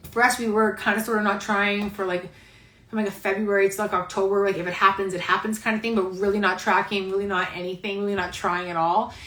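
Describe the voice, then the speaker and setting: Fast and forceful, with a bright, mid-range voice and level tone, a pregnant woman hosts a rambling live-stream chat from her phone. She's heartfelt and near tears, leaning constantly on "like." The echoey room and poor audio hurt the sound.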